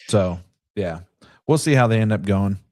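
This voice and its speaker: A man's voice: fairly low pitch, animated, takes it slowly, a little mellow. A man co-hosting a casual sports talk podcast, telling stories in a chatty way with quoted asides. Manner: chatty storyteller who retells events with quoted asides. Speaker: podcast co-host.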